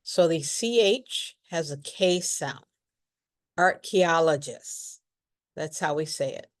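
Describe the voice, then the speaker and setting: A woman's voice: low-pitched, expressive, a little slow, darkish tone. A woman teaching English pronunciation, speaking carefully and repeating words for learners to copy. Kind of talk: pronunciation lesson.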